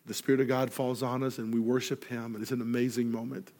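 A man preaching a sermon, telling a story and acting out each person in it, rising loud when excited and falling soft and quiet for earnest points. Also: medium pitch, quick pace. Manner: animated storyteller, acts out dialogue, grows loud in excitement. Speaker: pastor.

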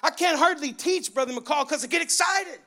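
A man preaching a sermon in a church, excitable and loud, his voice rising into yelling. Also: very high-pitched, moderate pace. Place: church sanctuary.

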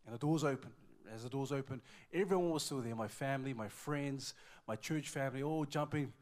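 A male preacher delivering a heartfelt sermon in a church, his pitch sitting in the middle range. He tells his story with deep emotion, drops to near whispers, then rises to loud pleading, and often repeats his words. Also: brisk. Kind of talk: sermon with personal testimony.

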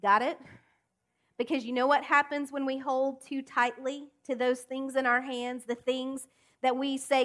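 A woman preaching a sermon, speaking emphatically with deliberate pauses and direct questions to the congregation. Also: high-pitched, little pitch movement, a bit bright. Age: adult.

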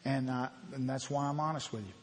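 Heartfelt pastor in a reverberant church. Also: male voice, mid-range voice, fairly even intonation, brisk. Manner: heartfelt, confessional, builds to emphatic bursts. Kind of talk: conversational sermon. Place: church sanctuary.

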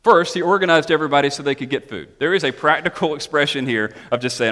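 A man preaching a sermon, animated and emphatic, mixing scripture reading with chatty asides and questions to the congregation. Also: a little high, fairly quick. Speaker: pastor. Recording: long hall reverb.

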